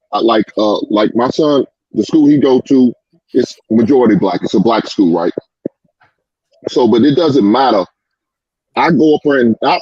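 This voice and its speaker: A man's voice: medium pitch, a little mellow, husky, dry recording, muffled recording. A man, a father, speaking sternly and plainly in a casual discussion, often stumbling over restarts. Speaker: father and guest.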